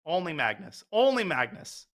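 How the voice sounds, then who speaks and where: Excitable high-voiced male chess commentator. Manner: excitable, calls moves rapid-fire.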